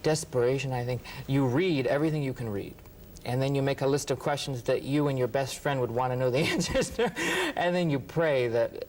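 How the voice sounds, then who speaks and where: A man, a writer and interview guest, telling lively anecdotes and acting out what others said. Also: medium pitch, a little fast, slight background noise, low-quality recording. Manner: animated, acts out quotes, laughs often. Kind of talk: anecdotal storytelling.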